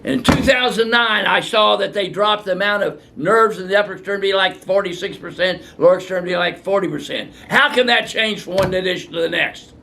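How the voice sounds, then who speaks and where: An older man with a gravelly, rather high voice rants bluntly and with plenty of profanity while answering viewer questions as a physician. His delivery is fiery and unscripted, and a faint noise sits underneath it. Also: fairly quick, hardly any pauses, sharp tone.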